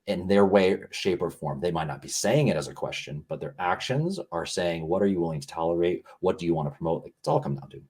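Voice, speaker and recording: A man's voice: low voice, expressive, fast, few pauses, darkish tone, husky. A man speaking as a podcast guest in an earnest, rambling way, often saying "like" as he thinks aloud. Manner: earnest, rambling, heavy use of "like". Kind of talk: reflective conversational talk.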